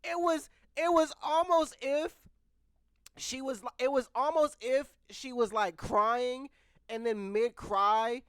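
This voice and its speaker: A man's voice: very high voice, slow pace, a bit bright, clean tone, no echo. A young man in his twenties candidly telling a rambling personal story to his viewers. He restarts his sentences often as he goes. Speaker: vlogger. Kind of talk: casual storytelling. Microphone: microphone close by.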